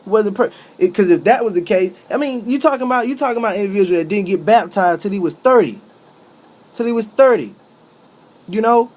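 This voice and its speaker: Preachy man with high, emphatic voice. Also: brisk, a little mellow. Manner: preachy and repetitive, with emphatic rising outbursts. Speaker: street preacher giving a talk. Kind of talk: impassioned spoken monologue.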